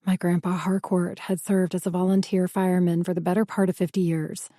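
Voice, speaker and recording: A woman narrating an audiobook in the first person with a measured, steady reading. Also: fairly low pitch, no echo, clean studio sound.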